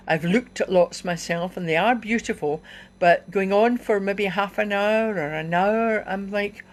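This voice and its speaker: A woman hosting a casual livestream talk, gentle and encouraging, with many small fillers. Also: lowish voice. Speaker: self-help host. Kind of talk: casual facebook live talk.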